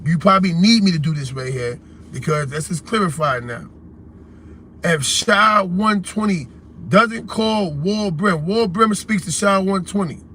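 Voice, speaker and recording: He's a New York–accented host of a call-in livestream, delivering a heated, casual rant full of blunt, confrontational street slang. His high, pushed, bright voice moves a little slowly with lively intonation, and there's slight background noise.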